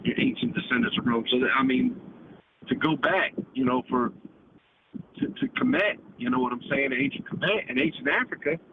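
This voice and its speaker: A man's voice: a little high, sing-song, normal speed, gravelly. A man from the United States calling in to a show, rambling and swearing, ending nearly every sentence with "man". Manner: rambling, profane, repeats "man" constantly. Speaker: caller. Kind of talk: casual call-in chat. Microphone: phone. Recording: tinny phone line with loud noise.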